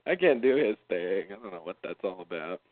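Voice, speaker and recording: A man chatting casually, halting and fumbling for words, swearing now and then. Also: low-pitched, very animated. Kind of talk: casual chat. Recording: dry tinny phone-like sound.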